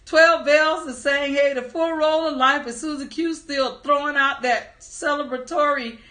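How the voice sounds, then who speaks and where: Lively lady reading out her stream chat, laughing a lot, pretty high bright voice. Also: a little slow. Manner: animated, reads chat comments aloud, laughs often. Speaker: livestream host. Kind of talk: casual livestream chat reading.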